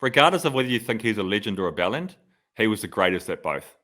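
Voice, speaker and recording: A man's voice: on the low side, sing-song, fast talker, bright, forceful tone. A man, a podcast co-host and former pro cyclist, telling stories in casual chat, full of "like" fillers. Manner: storytelling, lots of "like" fillers.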